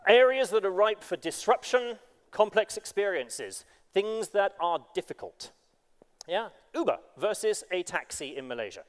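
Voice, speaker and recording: A man giving a motivational keynote speech in a large conference hall, speaking emphatically and firing rhetorical questions at the crowd. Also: high-pitched.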